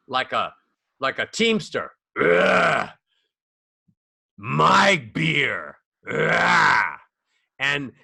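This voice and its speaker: A man's voice: fairly high pitch, bright, forceful tone, no echo, studio quality. A man talking as a voice coach guest on a podcast, playful and acting out the voices of others. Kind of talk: animated podcast conversation.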